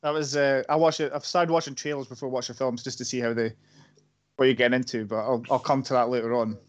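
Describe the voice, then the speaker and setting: A man's voice: medium pitch, steady tone, quick pace. Wry man on dull audio. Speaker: podcast co-host. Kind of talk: casual film review chat.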